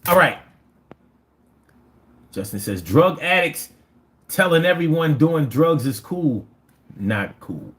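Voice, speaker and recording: A man's voice: on the high side, takes it slowly, long pauses. A man in his fifties with a Philadelphia accent, hosting a casual livestream, reading chat and telling stories in profane, slangy talk. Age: 50s. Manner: animated, profane, slangy storytelling.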